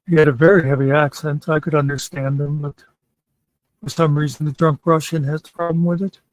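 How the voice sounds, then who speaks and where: A man's voice: a little high, level tone, fairly quick, dry recording, poor audio. Rambling man in casual chat. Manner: rambling, meandering with many fillers. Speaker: podcast host.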